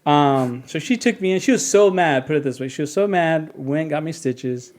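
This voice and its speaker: A man in his thirties tells stories loosely as a podcast guest, in a voice that sits a little high for a man. He stumbles, restarts, and laughs at his own tales. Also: animated, normal speed, darkish tone. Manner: rambling, many fillers and restarts, laughs through stories. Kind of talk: casual storytelling.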